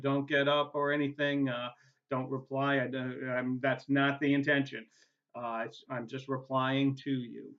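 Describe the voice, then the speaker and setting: Bright-voiced New England college instructor. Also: male voice, medium pitch. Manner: casual and chatty, tags points with "right?", many "uh" fillers. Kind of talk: recorded course welcome video. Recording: dull lo-fi recording.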